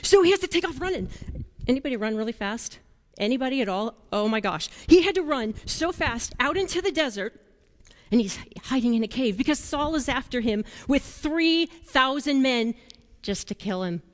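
A woman leading a children's sermon, telling a Bible story in a playful, animated way and asking the children questions. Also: sits high, moderate pace, long reverb tail.

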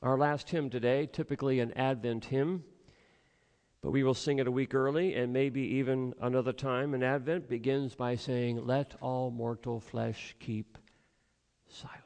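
A man's voice: mid-range voice, steady tone, normal speed, darkish tone, smooth. A pastor giving a sermon in a church, earnest and rhetorical, acting out the voices of his listeners. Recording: long hall reverb.

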